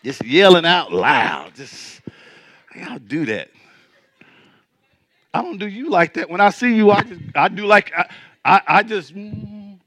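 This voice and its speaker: A man's voice: high-pitched, very animated, measured pace, pauses often, a bit bright, no room sound. A male pastor preaching a sermon to his church, in a colloquial, joking way.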